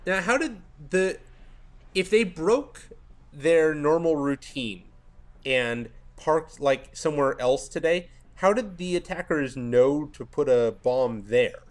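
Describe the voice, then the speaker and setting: A man's voice: a little high, lively intonation, slow. A man giving casual commentary over a video game, rambling and losing his train of thought. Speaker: let's play commentator.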